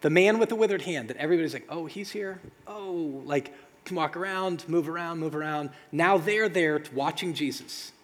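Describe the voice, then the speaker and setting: A male pastor with a slightly high, husky voice delivers a sermon in a casual, conversational way. He leans on dramatic pauses and rhetorical questions. His words ring out with a long reverb, as in a large hall. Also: a bit bright.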